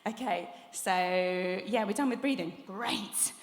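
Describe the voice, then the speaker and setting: A woman's voice: mid-range voice, slow pace. A young woman teaching a vocal workshop, chatty and encouraging, laughing often as she demonstrates exercises. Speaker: vocal coach leading a workshop. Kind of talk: live masterclass teaching. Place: large conference hall. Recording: echoey hall with long reverb.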